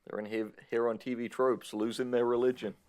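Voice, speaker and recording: A man's voice: mid-range voice, flat delivery, fairly quick, darkish tone. A man co-hosting a podcast in casual chat, full of teasing, crude banter. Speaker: podcast co-host.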